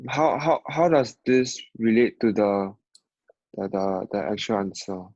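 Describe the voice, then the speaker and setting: A man's voice: lowish voice, lively intonation, a little slow, darkish tone, highs cut off. A man studying math, asking hesitant, stumbling questions during a tutoring session. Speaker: student.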